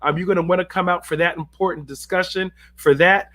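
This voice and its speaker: A middle-aged man moderating a church panel, announcing upcoming forums briskly and repeating key phrases for emphasis. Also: high voice, fairly even intonation, fairly bright tone. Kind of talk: announcing upcoming events to an online audience.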